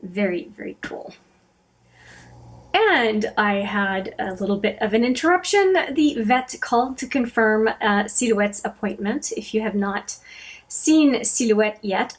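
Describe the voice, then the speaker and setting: A woman hosting a casual makeup swatching vlog, chatty and thinking aloud, often correcting herself as she goes. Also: medium pitch. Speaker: beauty vlogger.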